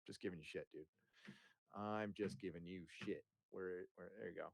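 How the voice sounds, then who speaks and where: A man's voice: low voice, steady tone, moderate pace, gravelly, no room sound. A man hosting a live stream, chatting casually and jokily with viewers and a guest, rambling and swearing a lot. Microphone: headphones and desk mic.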